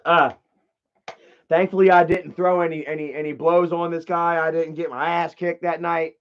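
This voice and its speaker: A man telling a story casually on a live stream, rambling and profane, with many restarts and shouted quotes. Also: fairly high pitch, flat delivery, normal speed, clean tone, dull audio. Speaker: livestreamer.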